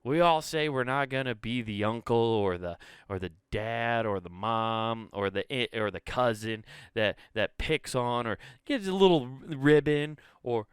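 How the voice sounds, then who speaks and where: A man hosting a comedy podcast, telling a rambling, profane story and jumping into animated voices for quotes. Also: mid-range voice, smooth, dry recording, studio quality. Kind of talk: casual comedic monologue.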